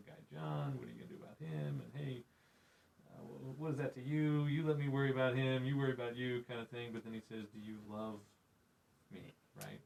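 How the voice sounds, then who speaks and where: A man's voice: medium pitch, gravelly, poor audio. A man hosting a faith podcast, reflective and preacherly, retelling Bible scenes in conversation. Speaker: podcast host.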